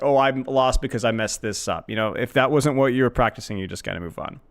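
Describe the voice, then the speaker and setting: A man's voice: medium pitch, fast, few pauses. A man co-hosting a gameplay review, chatting casually and giving advice. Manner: relaxed, chatty, fillers like "like" and "dude". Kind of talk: casual commentary.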